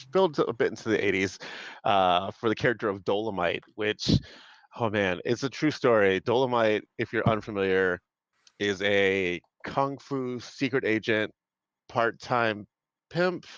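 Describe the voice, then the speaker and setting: Rambling, excited low-voiced man. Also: no echo, dull audio. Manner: rambling, enthusiastic, many fillers. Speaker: panelist. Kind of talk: casual movie review chat.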